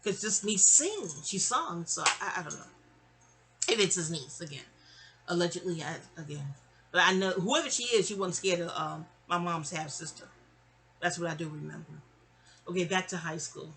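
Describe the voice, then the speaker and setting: New woman in her fifties, chatty and digressive storyteller, bright voice. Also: on the low side, animated, moderate pace. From New York City. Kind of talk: casual storytime venting.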